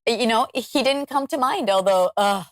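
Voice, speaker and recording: A woman guest on a podcast, telling stories in animated, casual chat with quick asides. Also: on the high side, dry recording.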